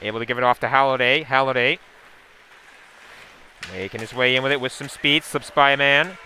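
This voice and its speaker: A man giving a steady, running play-by-play call of a hockey game, with asides and sponsor plugs. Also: mid-range voice, fairly quick, clean tone. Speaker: play-by-play commentator. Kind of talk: live hockey play-by-play commentary.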